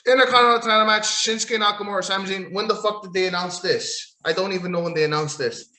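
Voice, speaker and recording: A man hosts a wrestling podcast alone, speaking fast in a high, pushed, bright voice in an echoey room. As his voice gives out, he keeps ranting with profanity, sarcasm, and plenty of tangents.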